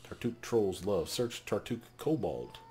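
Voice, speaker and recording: A man voicing an ancient, calm male kobold elder in a fantasy game, speaking in halting broken phrases. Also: lowish voice, a little hiss or hum.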